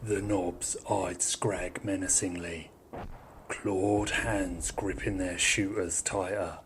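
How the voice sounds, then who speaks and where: A man narrating an audio drama in measured storytelling, with some hushed, whispery passages. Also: sits low, little pitch movement, noisy background.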